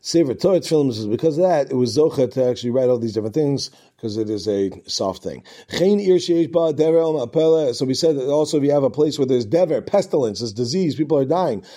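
A man's voice: mid-range voice, expressive, fast, hardly any pauses, mellow. A man teaching a Talmud class, reading each passage aloud and then explaining it in casual English, with asides and restarts.

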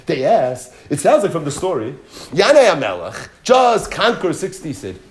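Animated man teaching a text lesson. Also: fairly high pitch, normal speed, slight background noise. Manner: animated storytelling, explaining and dramatizing. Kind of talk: Talmud lesson.

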